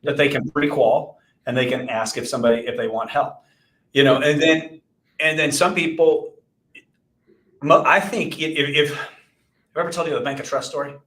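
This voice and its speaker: In a roomy, echoing recording, a podcast co-host from Texas in his forties, who also runs an insurance agency, wanders through a self-mocking story, restarting often. His slightly high, a bit bright voice keeps fairly even intonation at a moderate pace in this casual storytelling chat.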